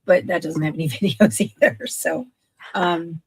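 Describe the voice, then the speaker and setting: Slightly rough and fairly low in pitch, this woman's voice moves at an unhurried pace. She's in her sixties, a guest on a casual livestream chat, chatting with enthusiasm about her online business over video and often correcting herself mid-sentence.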